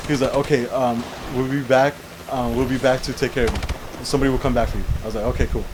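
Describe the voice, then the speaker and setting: A man's voice: medium pitch, steady tone, quick pace, background noise. A young man co-hosting a casual chat show, telling a long rambling story and often saying "how you call it". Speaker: podcast co-host.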